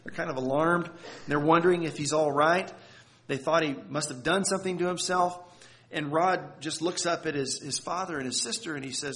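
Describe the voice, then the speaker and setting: A man preaching a sermon, telling a story earnestly, often repeating words and pausing for effect. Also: fairly high pitch, a bit bright. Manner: earnest, halting with repeated words and dramatic pauses. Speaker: pastor.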